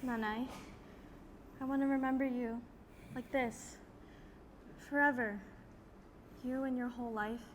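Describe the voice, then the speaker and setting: A woman's voice: a little high, fairly even intonation, unhurried, pauses often, slight background noise, natural voice. A woman playing a tearful young Filipina daughter. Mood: emotional. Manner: earnest, emotional, tearful. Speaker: daughter in a stage scene. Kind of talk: student theater acting.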